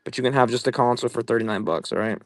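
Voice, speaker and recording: A young man hosting a casual live-selling stream, profane and excitable as he pitches items while playing a game. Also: racing, no room sound, studio quality. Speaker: livestream seller.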